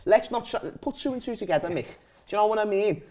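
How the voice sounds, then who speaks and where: Rapid-fire male debater, slightly high voice, argues every point back. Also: animated, background noise. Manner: argumentative, pushes back point by point. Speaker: football fan guest. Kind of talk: heated football debate.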